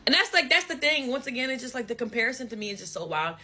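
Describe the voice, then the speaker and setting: A woman's voice: fairly high pitch, sing-song, racing, bright, forceful tone. A woman giving a blunt, emphatic casual commentary rant, hammering points home by repeating phrases. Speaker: social media commentator.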